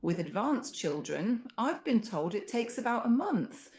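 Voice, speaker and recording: A woman's voice: fairly high pitch, very animated, unhurried, a little mellow. Patient woman explaining piano technique. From Russia. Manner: patient, illustrative, sings phrases along. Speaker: piano teacher. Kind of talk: explanatory music lesson. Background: faint piano playing.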